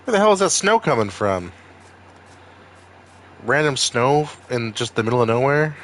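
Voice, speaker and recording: A man's voice: medium pitch, big pitch swings, normal speed, a bit bright. Man, Maine accent, gaming streamer, casual rambling chat, swears a lot, faint background hum.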